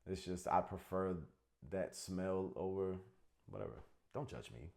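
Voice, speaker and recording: A man with a Connecticut accent, co-hosting a casual comedy chat, animated and joking, swearing freely. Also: low voice, unhurried. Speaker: podcast co-host.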